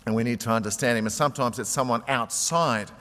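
A man's voice: medium pitch, quick pace, fairly bright tone, big-room sound. A man preaching a sermon as pastor, talking in a conversational way and retelling stories through quotes.

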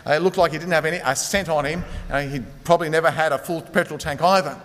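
A man's voice: fairly high pitch, quick pace, fairly bright tone. Male preacher in a reverberant hall. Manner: conversational storytelling, many fillers. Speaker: pastor. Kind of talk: sermon.

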